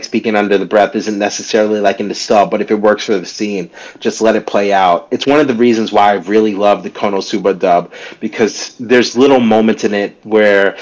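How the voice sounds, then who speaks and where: A man's voice: fairly low pitch, rough recording. A man co-hosting a podcast, talking in a laid-back way with many fillers and casual swearing. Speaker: podcast co-host.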